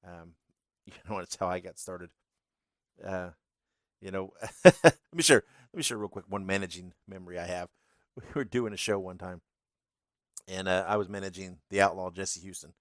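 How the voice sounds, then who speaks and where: A podcast host with a low, slightly bright voice tells stories in a relaxed, chatty way, laughing as he goes and using lots of filler words. The recording is dry.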